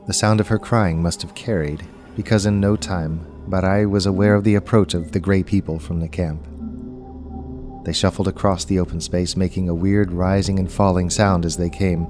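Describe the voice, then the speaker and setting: A man reading a story aloud as narrator, in a measured, unhurried storytelling manner. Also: sits low, steady tone, darkish tone, faint music behind. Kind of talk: scripted audiobook narration.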